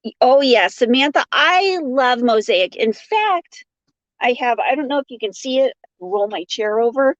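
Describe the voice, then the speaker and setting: A woman's voice: high voice, expressive, a little slow, no room sound. A woman hosting a casual crochet livestream, chatting and laughing as she greets viewers by name and reads their comments. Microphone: phone. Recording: dull lo-fi sound.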